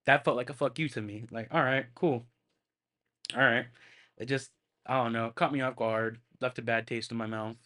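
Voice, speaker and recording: A man reviews a movie alone on his podcast, his medium-pitched voice fairly bright as he keeps things casual and loose. He wanders off track, circles back with heaps of filler, and curses freely throughout.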